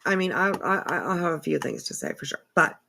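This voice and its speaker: A woman's voice: low-pitched, expressive, brisk, gravelly, sharp tone. A woman hosting a casual livestream from home, emotional and teary, sniffling and rambling with lots of fillers. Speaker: livestream host.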